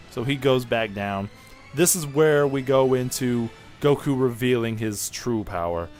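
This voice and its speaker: A man giving a casual spoken review of an anime episode, rambling and excitable, often restarting and correcting himself. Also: mid-range voice, measured pace, soft background music.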